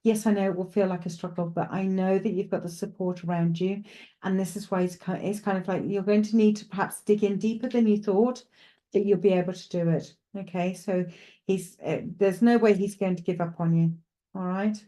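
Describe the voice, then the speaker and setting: A woman's voice: medium pitch, steady tone, a little fast, mellow. A woman with a Welsh accent presenting live psychic readings, talking reassuringly and chattily to a caller.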